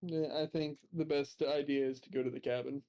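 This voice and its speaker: A man's voice: a little high, fairly even intonation, fairly quick, dark tone, a little hiss or hum. A man playing a tabletop game casually, talking hesitantly with many fillers and restarts. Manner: hesitant, filler-heavy, laughs easily. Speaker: player.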